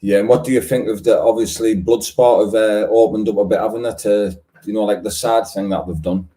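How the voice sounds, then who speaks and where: A man hosts a casual podcast interview. His voice is low and mellow, and his manner is friendly and matey, with lots of banter. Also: steady tone, fairly quick. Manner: friendly banter, calls people mate, laughs often. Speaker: podcast host.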